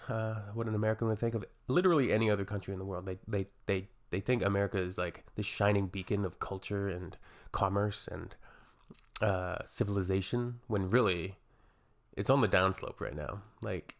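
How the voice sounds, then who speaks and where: Canadian male reaction host, low gravelly voice, dry sarcasm. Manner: sarcastic, wry. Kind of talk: reaction commentary.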